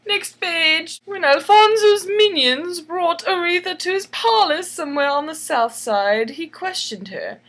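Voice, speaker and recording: A woman's voice: sits high, lively intonation, unhurried, fairly bright tone. Woman reading a jokey bedtime story. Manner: jokey, chatty asides, laughs at own jokes. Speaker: author reading her own picture book.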